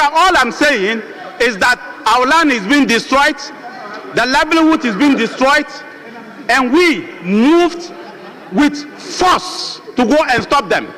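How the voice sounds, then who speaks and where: Man, Ghanaian English accent, parliamentary debate, emphatic, repeats questions, very high voice, long chamber reverb. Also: bright, forceful tone. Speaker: member of parliament.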